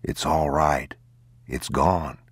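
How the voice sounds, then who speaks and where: A man voicing a weary, tender father in a storybook reading, speaking hushed and soothing. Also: rumbling low, fairly even intonation, takes it slowly, husky, no echo, studio quality, exaggerated voice.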